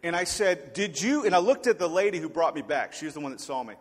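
A man in his forties preaching, telling a story in an animated, humorous way and acting out the voices. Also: on the high side, fast talker, slightly rough, in a large hall. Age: 40s. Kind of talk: storytelling sermon.

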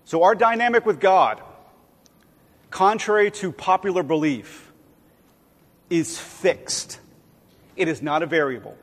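A man's voice: high-pitched, lively intonation, measured pace, long pauses. A man preaching a sermon in a conversational way, acting out quoted voices now and then. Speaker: pastor. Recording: long hall reverb.

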